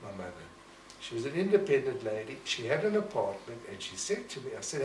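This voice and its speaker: A man's voice: medium pitch, sing-song, brisk, a little mellow. An older man from Rhodesia, reflectively telling family stories in an oral history interview. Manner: reflective, storytelling, acts out family quotes. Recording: roomy echo, distant mic, faint noise.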